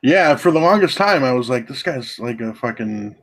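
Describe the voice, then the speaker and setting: A man's voice: medium pitch, animated, fairly bright tone. A middle-aged man co-hosting a podcast in casual chat, blunt and heavy on swearing, sometimes drawing his words out. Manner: blunt, profane, drawn-out delivery. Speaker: podcast co-host.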